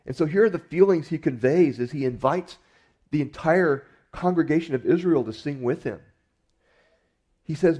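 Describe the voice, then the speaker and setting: A man's voice: on the high side, animated, normal speed, warm tone. A man preaching a sermon in an earnest, conversational way, often restarting his words as he goes. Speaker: pastor.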